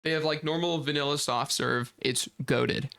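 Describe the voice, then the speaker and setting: A man's voice: on the high side, fairly even intonation, moderate pace, gravelly, fairly bright tone, no room sound. A young man, chatting casually as a game streamer and rambling through a story. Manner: rambling storytelling, acts out quoted voices, laughs often. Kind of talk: casual chat while gaming. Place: home streaming setup.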